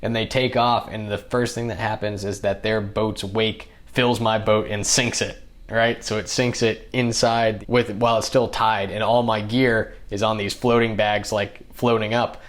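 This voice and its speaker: Low-voiced young man telling a story. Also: unhurried. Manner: animated, acts out other people's lines in the telling. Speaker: podcast guest. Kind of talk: casual storytelling.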